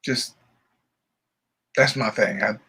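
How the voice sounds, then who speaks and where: Casting: male podcast co-host, bright and forceful tone, animated storyteller, casual banter. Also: fairly low pitch, slow pace, slightly rough. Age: adult father. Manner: joke-telling, animated, laughs often. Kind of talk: casual chat.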